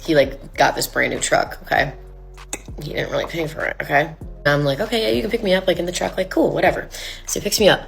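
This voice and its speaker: A woman with a low voice tells a personal story straight to her audience. She talks in a loose, chatty way, full of fillers and acted-out quotes, with faint music playing behind her. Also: steady tone, fast, gravelly. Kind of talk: storytime video.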